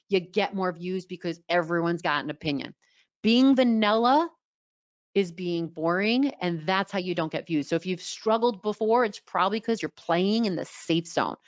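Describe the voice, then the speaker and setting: A middle-aged woman from New York with a slightly raspy voice and a New York accent, coaching a webinar audience with lively energy and repeated key words. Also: medium pitch, no room sound. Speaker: social media coach. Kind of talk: webinar teaching. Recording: dull, dry sound.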